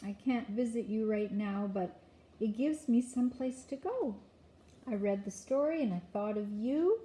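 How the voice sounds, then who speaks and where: Slow, lively older grandmother reading aloud. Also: a little high. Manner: gentle, chatty asides between lines. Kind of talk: reading a picture book aloud to a child.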